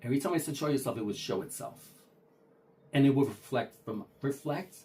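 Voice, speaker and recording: A man's voice: medium pitch, a little fast, darkish tone. A man casually retelling a true ghost story, talking conversationally with frequent restarts and acted-out dialogue.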